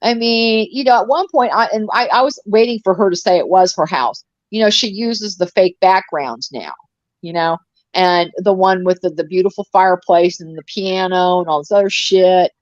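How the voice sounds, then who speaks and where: A woman's voice: mid-range voice, normal speed, no room sound. Rambling sarcastic woman, dull dry audio. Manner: rambling, sarcastic, many restarts. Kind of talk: casual live-stream chat.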